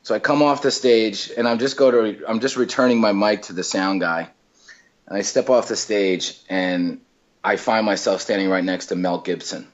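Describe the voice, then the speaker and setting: A man's voice: fairly low pitch, normal speed. Comedian guy spinning a long story, lots of likes and you knows, kinda muffled lo-fi sound. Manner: animated storyteller, many fillers and restarts. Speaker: comedian guest. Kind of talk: casual storytelling chat.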